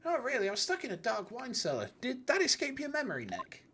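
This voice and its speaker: Guy doing a quiet earnest young woman, soft and measured, hoarse, voice moves around a lot. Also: extremely high pitch, huge pitch swings, background noise, pitched above the performer's own voice, heavily acted. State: hoarse, wrecked voice.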